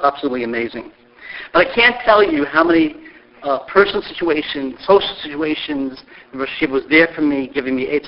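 A middle-aged man tells stories with a high, gravelly voice that leaps across a wide range. He acts out the people he quotes as he goes. The recording sounds dull and lo-fi. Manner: lively storyteller who acts out quoted voices. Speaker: speaker sharing memories of a mentor. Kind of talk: animated storytelling talk.

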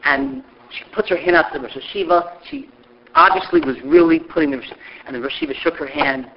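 A middle-aged man telling stories about a mentor, lively and acting out the voices of the people he quotes. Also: fairly high pitch, brisk, vocal fry, a little hiss or hum. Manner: lively storyteller who acts out quoted voices. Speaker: speaker sharing memories of a mentor. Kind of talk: animated storytelling talk. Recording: dull lo-fi recording.

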